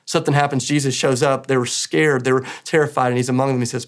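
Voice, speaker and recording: A man's voice: medium pitch, steady tone, fast talker. A man preaching an Easter sermon as pastor, earnest and emphatic, with rising bursts of emphasis.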